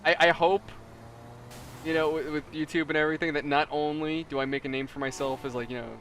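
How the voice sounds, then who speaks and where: Laughing, animated gaming host. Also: male voice, a little high, fairly quick, slight background noise. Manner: laughing, animated storytelling with voiced quotes. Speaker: let's play host. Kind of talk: casual gaming chat.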